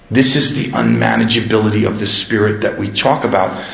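A man speaking candidly and with self-deprecating humor at a recovery meeting, growing animated when telling stories. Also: fairly low pitch, brisk, vocal fry. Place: meeting room. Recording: echoey room.

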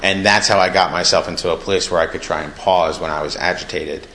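A man's voice: sits low, steady tone, brisk, bright, forceful tone. A man speaking casually at a recovery meeting, telling his personal story and acting out quoted dialogue. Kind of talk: personal testimony. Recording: echoey room with faint noise.

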